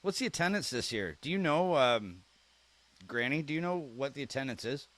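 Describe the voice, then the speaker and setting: A man's voice: medium pitch, animated, normal speed, fairly bright tone. A man hosting a live stream, chatting casually and reading viewer comments aloud in a friendly, joking way. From Canada.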